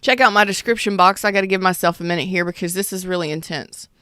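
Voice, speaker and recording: A woman in her thirties talks through a tarot reading in a blunt, emphatic way, swearing freely as she goes. Her voice sits on the low side and sounds smooth and clear. The sound is dry and close. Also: fast, bright, forceful tone, no room sound. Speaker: tarot reader.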